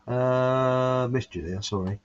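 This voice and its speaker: Male host, rambling, chuckles at his own gags, mid-pitched, dull lo-fi sound. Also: takes it slowly, clean tone. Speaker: show host. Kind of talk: casual chat reading viewer comments. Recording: muffled lo-fi audio.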